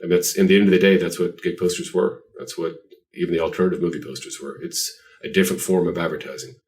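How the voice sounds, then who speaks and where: A man with a very low voice tells rambling, self-deprecating stories as a podcast guest. He sounds set back from the microphone. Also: fast, creaky, a little mellow. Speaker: guest artist. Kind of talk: casual podcast interview. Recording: voice distant from the mic.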